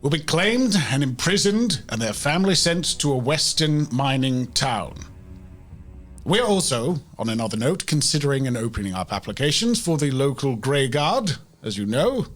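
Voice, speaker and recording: A game master voicing a male army captain who proclaims a royal decree in a strong, slow and formal way. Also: mid-range voice, voice pushed up. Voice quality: strong, commanding.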